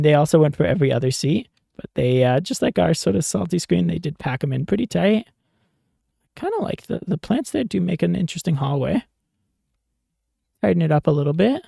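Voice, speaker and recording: A man giving casual let's-play commentary as a gaming YouTuber, relaxed and musing with small fillers and laughs. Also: a little high, creaky, husky, no echo, clean studio sound.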